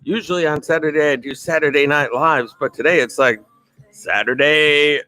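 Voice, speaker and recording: A man's voice: fairly high pitch, fairly quick, pushed and bright, soft background music. A man hosting a casual live stream, upbeat, greeting viewers by name and chuckling often. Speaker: livestream host.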